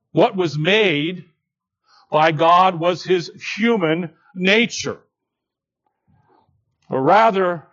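Deliberate high-voiced male preacher. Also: muffled recording. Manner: deliberate, swings between hushed low tones and raised emphatic lines. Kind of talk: expository sermon.

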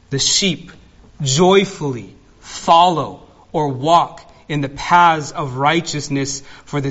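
A man preaching an expository sermon as pastor, slow and earnest, dwelling on single words. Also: a little high, a bit bright, highs cut off.

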